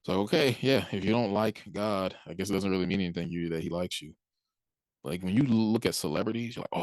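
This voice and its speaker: This man's voice sits low and is a little mellow, moving at a quick pace on a dry recording. Speaking casually about Christian faith, he acts out people's responses and laughs softly between his points.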